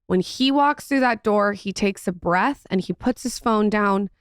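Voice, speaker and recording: A woman's voice: mid-range voice, unhurried, clear, resonant tone, dry recording, studio quality. Chatty, sympathetic woman podcast host. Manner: chatty, sympathetic, relays advice from past guests. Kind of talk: podcast interview chat.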